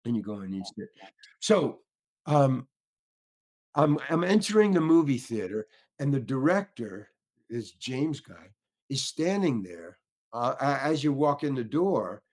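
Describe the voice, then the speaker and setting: In casual storytelling during an interview, an older actor rambles through tales, performing others' lines and making many restarts. His medium-pitched voice is sing-song, unhurried and a little mellow.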